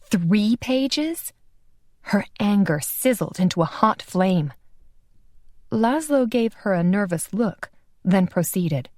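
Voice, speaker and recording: A woman narrating an audiobook in an even, unhurried storytelling manner. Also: medium pitch, no room sound, clean studio sound. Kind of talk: scripted narration.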